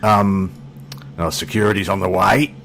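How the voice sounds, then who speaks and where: Deep-voiced Australian man rambling. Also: fairly even intonation, a little slow, gravelly, fairly bright tone, slight background noise. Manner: chatty, self-deprecating, swears casually. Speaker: flight sim YouTuber. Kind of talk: rambling casual commentary.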